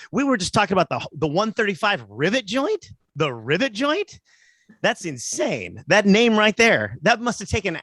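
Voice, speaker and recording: A man's voice: high-pitched, sharp tone, slightly rough, no room sound. A man doing a stand-up comedy set, telling rambling stories with lots of asides.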